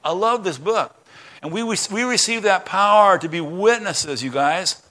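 A fired-up man preaching to his church, bright and forceful in tone. He talks with excitement, swings between loud declarations and quiet asides, and often trips over and restarts his words. His voice sits a touch high for a man. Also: normal speed. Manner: impassioned, excited, with many restarts and stumbles. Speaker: pastor. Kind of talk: sermon.

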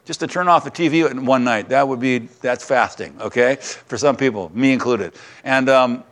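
A man's voice: medium pitch, moderate pace, a bit bright. A man preaching a sermon in a conversational, storytelling way, with joking asides. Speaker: pastor.

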